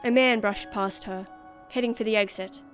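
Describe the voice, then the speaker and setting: A woman reading a story aloud as narrator in a measured, expressive way. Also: medium pitch, soft background music. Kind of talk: scripted narration.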